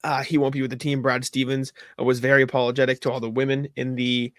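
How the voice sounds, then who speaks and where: A man's voice: medium pitch, level tone, quick pace, fairly bright tone, dry recording, studio quality. A man co-hosting a sports podcast in casual chat, talking loosely with lots of fillers. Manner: loose, filler-heavy delivery. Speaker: podcast co-host.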